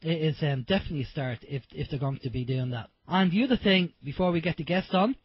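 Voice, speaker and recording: A man's voice: fairly high pitch, expressive, fast talker, slightly rough, no echo, muffled recording. An Irish man hosting an internet radio show, chatty and rambling with lots of fillers. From Ireland. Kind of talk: casual radio talk.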